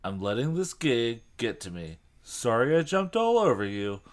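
A man's voice: mid-range voice, very animated, measured pace. A man comedically reading a teen novel aloud, mocking it with put-on character voices. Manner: reads dialogue with exaggerated character voices, mocking asides. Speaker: podcast co-host reading aloud.

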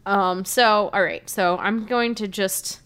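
A woman's voice: mid-range voice, fairly even intonation, slow pace, a bit bright, smooth. A young woman co-hosting a podcast, recapping a book in wry, self-deprecating casual chat and laughing often. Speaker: podcast co-host.

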